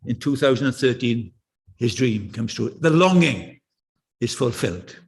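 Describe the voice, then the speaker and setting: A man's voice: mid-range voice, animated, measured pace, a little mellow. An older British man preaching a sermon in a church, conversational and anecdotal with passionate swells.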